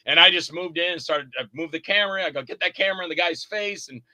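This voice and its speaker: A man's voice: a little high, quick pace, no echo. A man, an indie horror actor and filmmaker, telling stories in a casual interview, acting out the people in them and swearing freely. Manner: animated, acts out the other people in his stories.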